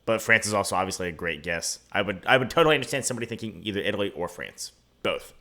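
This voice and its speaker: Teasing man with a bright, lively voice. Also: on the low side, racing. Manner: teasing, laughs often. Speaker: podcast host running a quiz. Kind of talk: casual chat.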